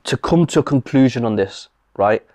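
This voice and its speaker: Measured man on a dry-sounding podcast. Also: medium pitch, expressive, darkish tone, dry recording. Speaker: podcast co-host. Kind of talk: podcast conversation.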